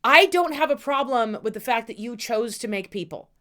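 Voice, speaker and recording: A woman's voice: a little high, expressive, moderate pace, fairly bright tone. A middle-aged woman co-hosting a casual podcast, venting bluntly with plenty of swearing and mock outrage. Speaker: podcast co-host. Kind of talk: casual ranting chat.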